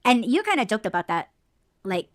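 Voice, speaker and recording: Woman podcast co-host, casual and profane, animated storyteller. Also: medium pitch, moderate pace. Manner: animated storytelling, heavy swearing and "like" fillers. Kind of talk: casual chat.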